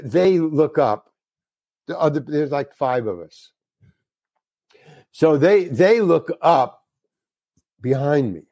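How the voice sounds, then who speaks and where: A man's voice: mid-range voice, dark tone, dry recording. An older man, a guest actor, telling a casual anecdote in a rambling way, with restarts and casual slang.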